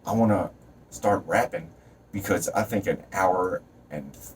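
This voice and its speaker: Low-voiced guy preaching and cussing, mic kinda far off. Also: measured pace, slight background noise. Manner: preachy, swearing, jumps between topics; shouts and stretches words when fired up. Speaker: vlogger. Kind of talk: motivational rant to camera.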